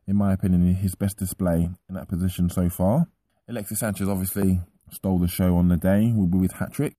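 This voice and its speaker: A man's voice: lowish voice, warm tone, slightly rough, no room sound. A man introducing a football podcast, giving a chatty, upbeat summary of the match. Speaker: podcast host introducing the show. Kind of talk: solo show introduction.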